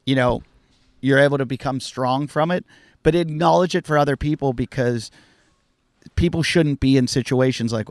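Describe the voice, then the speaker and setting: A man's voice: mid-range voice, moderate pace, no echo, clean studio sound. A middle-aged man hosting a casual podcast chat, telling candid stories and swearing freely. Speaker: podcast host.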